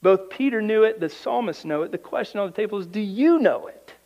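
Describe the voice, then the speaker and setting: Guy preaching a sermon, pretty high voice, reads scripture then jumps in with his own punchy comments, goes quiet then loud. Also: expressive. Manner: reads scripture aloud and breaks in with emphatic commentary; swings from quiet, low asides to loud, high, drawn-out emphasis. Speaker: pastor.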